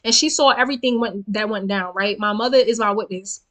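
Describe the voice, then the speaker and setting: A young woman, telling a storytime vlog in an animated, profane, emphatic way straight to her viewers. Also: mid-range voice, brisk. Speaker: storytelling vlogger. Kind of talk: casual storytime rant.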